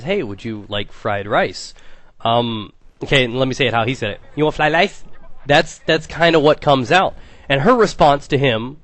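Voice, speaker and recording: A man's voice: mid-range voice, no room sound. A young man telling a rambling, profane story in casual gaming commentary, with lots of restarts. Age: young adult.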